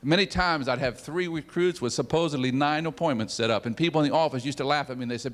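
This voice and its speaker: A man giving a motivational talk through personal stories, acting out his own excitement, in a large meeting hall. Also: mid-range voice, fast, hardly any pauses. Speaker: sales leader giving a talk. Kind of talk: motivational storytelling speech. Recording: long reverb of a hall.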